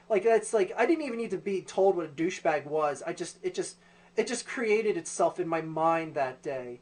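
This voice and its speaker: A man's voice: sits high, expressive, moderate pace. A man ranting profanely in a comedic vlog, full of ums and likes. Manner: ranting, profane, lots of fillers. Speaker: video host.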